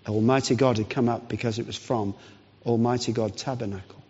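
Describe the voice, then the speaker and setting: A man preaching a sermon, telling a story with pauses and restarts. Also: mid-range voice, slightly rough. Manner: storytelling, pauses and restarts, lively rise and fall. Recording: dull lo-fi sound in long hall reverb.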